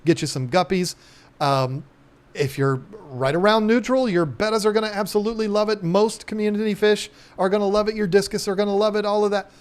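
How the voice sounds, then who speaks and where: A man with a drawl chats easily on a live stream, his voice sitting a bit high. He rambles along in a folksy way, dropping lots of ums and uhs as he talks. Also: steady tone, a little fast, clean tone. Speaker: aquarium channel host. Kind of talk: casual live-stream chat.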